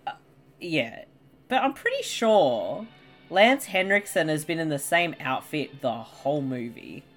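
A woman's voice: deep voice, big pitch swings, measured pace, soft background music. A woman giving casual, bemused commentary on a movie, swearing freely and laughing often. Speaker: co-host. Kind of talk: movie watch-along commentary.

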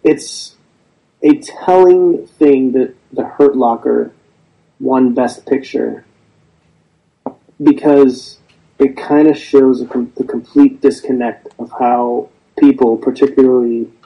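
A man's voice: mid-range voice, slow pace, gravelly, husky, highs cut off. A man, a veteran guest, speaking bluntly and with frequent swearing in a conversational interview. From United States. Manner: blunt and profane, storytelling.

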